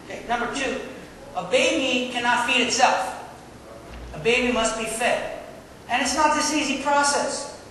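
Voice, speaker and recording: A man's voice: very high-pitched, moderate pace. Pastor, male, playful call-and-response preacher, heard far off in a big reverberant church with room noise. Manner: lively, joking preaching with audience call-and-response. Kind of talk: sermon. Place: church sanctuary. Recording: echoey hall, mic far off.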